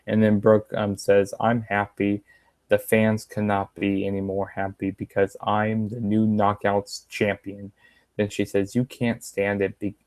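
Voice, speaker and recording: Young guy recapping wrestling, lotta ums, kinda flat monotone. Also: on the low side, dry recording. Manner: rambling, many um fillers, reads quotes in a slightly raised voice. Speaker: wrestling show reviewer. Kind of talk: casual recap of a wrestling show.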